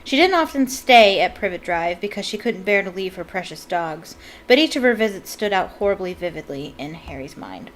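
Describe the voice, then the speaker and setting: A woman's voice: medium pitch, animated, moderate pace, rough recording. Woman reading a novel aloud, chatty asides. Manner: chatty asides between narrated passages. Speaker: book reader.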